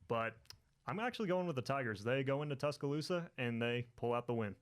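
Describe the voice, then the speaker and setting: A man co-hosting a sports podcast, explaining his picks in a measured, reasoned way. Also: medium pitch, expressive, smooth. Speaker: podcast co-host. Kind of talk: casual sports chat.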